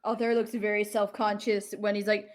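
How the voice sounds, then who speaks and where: A woman's voice: medium pitch, little pitch movement, a little fast. A woman playing a tabletop game, polite and chatty. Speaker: player.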